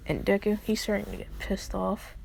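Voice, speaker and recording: A woman's voice: mid-range voice, fairly even intonation, moderate pace, creaky, darkish tone, slight background noise. A woman casually improvising a fan story, rambling with many fillers and restarts.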